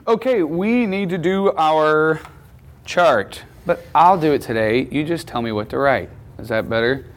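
A man's voice: fairly high pitch, measured pace. A man teaching a class, lecturing in a conversational way and often checking in with questions.

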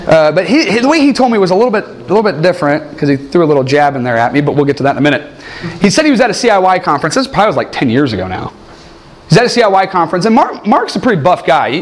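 Lively male preacher, high and very expressive voice, humorous sermon storytelling. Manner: animated, jokey, shifts into loud acted quotes.

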